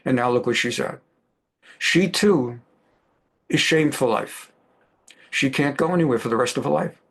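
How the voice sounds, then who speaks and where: A man's voice: medium pitch, normal speed, a bit bright. A middle-aged male rabbi giving a Bible class in a conversational way, repeating phrases and glossing Hebrew words in English.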